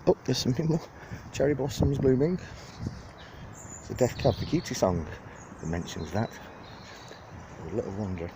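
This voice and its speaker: A man's voice: mid-range voice, normal speed, long pauses. Chatty Liverpool-area man on a park walk. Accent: Liverpool area (Widnes). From England. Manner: chatty, rambling, jokey and lively. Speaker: vlogger giving a walking tour. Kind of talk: casual walking-tour narration. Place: outdoors in a city park. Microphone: handheld phone camera. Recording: phone video outdoors with clear wind and park noise.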